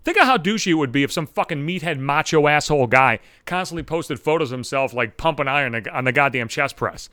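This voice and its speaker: A man's voice: fairly high pitch, animated, fast, few pauses, sharp tone, dry recording, studio quality. A man hosting a podcast, delivering a sarcastic, heavily profane comedic rant. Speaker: podcast host.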